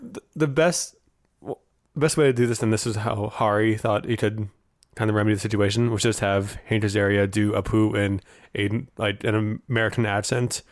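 A man's voice: lowish voice, steady tone, normal speed, dry recording, studio quality. A man co-hosting a podcast, talking in a wry, conversational way. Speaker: podcast co-host. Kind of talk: casual chat.

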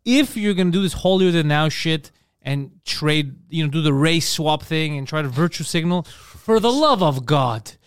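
A man's voice: a little high, lively intonation, normal speed, smooth, dry recording, clean studio sound. A man hosting a comedy podcast in casual chat, brash and profane. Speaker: podcast host.

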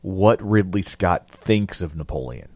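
A man's voice: low-pitched, animated, measured pace, darkish tone, no echo. A man joking wryly in a casual chat about a movie. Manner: wry, joking.

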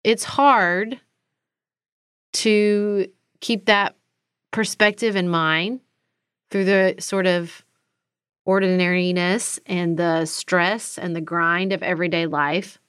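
Slow, earnest woman with a smooth voice. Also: on the low side, steady tone, a bit bright, no echo, studio quality. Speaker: podcast co-host. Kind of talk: reflective chat.

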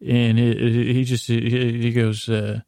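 A man's voice: medium pitch, little pitch movement, takes it slowly, mellow, smooth, no echo, studio quality. A man from Syracuse, New York, hosting a sleep podcast, telling a meandering bedtime story in a rambling way full of fillers and restarts.

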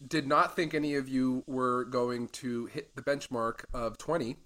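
A man's voice: mid-range voice, steady tone, fairly bright tone. Stammering man running a tabletop game. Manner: halting, stammering narration. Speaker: game master.

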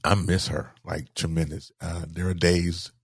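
Man, deep voice, husky, dry close sound, halting speech, heartfelt storytelling. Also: little pitch movement, dry recording. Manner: halting, repeats words, grieving tone. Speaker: guest. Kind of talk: emotional interview storytelling.

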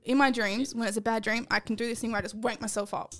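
Laughing young Australian woman, higher voice. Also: fairly even intonation, fast, fairly bright tone. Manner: loose, laughing storyteller, swears freely. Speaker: podcast co-host. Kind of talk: casual chat among friends.

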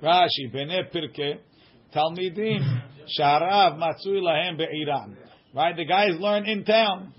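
A man's voice: a little high, slow. A man teaching a study group, reading aloud and translating line by line, checking in with "right?". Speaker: Talmud teacher. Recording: dull lo-fi recording.

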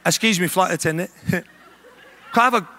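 A man's voice: high voice, brisk, bright, forceful tone, some chatter behind. A man faking a prim British accent while retelling a story, overly polite. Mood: mock-posh. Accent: put-on British.

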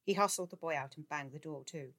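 A woman reading a literary novel aloud, expressive and shifting into voices for the characters. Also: low-pitched, a little fast. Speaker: audiobook reader.

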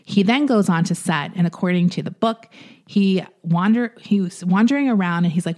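A woman with a fairly low voice hosts a chatty podcast and walks a listener through a story she read. She talks it through plainly, with small hesitations and restarts. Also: normal speed, darkish tone. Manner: retells a story from a book in a conversational, hesitant way. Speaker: podcast host. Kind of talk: casual storytelling chat.

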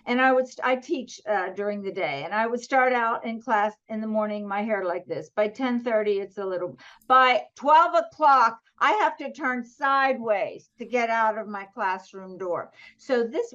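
Over a video call, a middle-aged author from southwestern Pennsylvania chats casually as an interview guest, joking and laughing often. Her medium-pitched voice comes through with the highs cut off.

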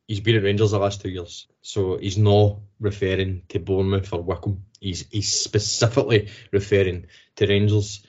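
Warm low-voiced Scottish man, podcast chat. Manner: swears freely, frequent restarts and stressing of points. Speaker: podcast co-host. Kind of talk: casual football podcast chat. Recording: slightly dull lo-fi podcast audio.

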